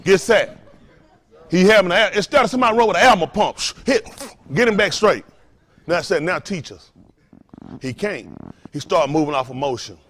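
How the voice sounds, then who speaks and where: Male pastor, high voice, preaching, call-and-response, rhetorical questions, loud-soft swings. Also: expressive, brisk.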